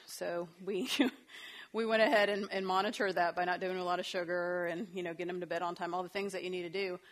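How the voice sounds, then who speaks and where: A middle-aged woman leading a parenting workshop for a group, talking casually and animatedly with frequent laughter. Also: medium pitch. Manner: conversational, animated, laughs often.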